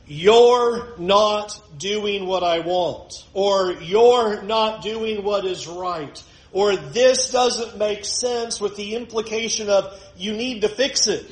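High-voiced man preaching in an echoey room. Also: slow pace, hardly any pauses. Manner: conversational, joking asides. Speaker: pastor. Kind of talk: sermon.

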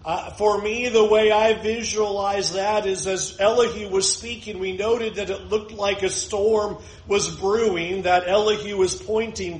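Male Bible teacher, high voice, expressive with dramatic pauses, echoey room. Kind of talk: verse-by-verse Bible lesson.

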